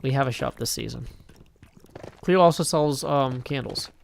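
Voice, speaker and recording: A man's voice: medium pitch, moderate pace, vocal fry, slight background noise. A man from Tennessee chatting casually on a live stream as he plays, telling rambling stories full of restarts and fillers. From Tennessee, United States. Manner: rambling storyteller, many "like"s and restarts. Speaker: live streamer playing a block-building game.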